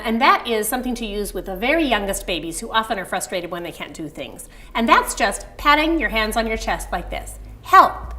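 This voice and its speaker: A woman's voice: mid-range voice, sharp tone. A middle-aged woman teaching baby sign language in a friendly online video lesson, acting out parent phrases with a sweet sing-song emphasis.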